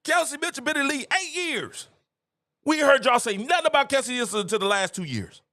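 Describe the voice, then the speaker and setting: A middle-aged man with a very high, bright voice that swings widely as he rants to his live-stream viewers. He is animated and preachy and hammers his points home by repeating phrases. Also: quick pace. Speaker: live-stream show host. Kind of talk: casual opinion rant to viewers.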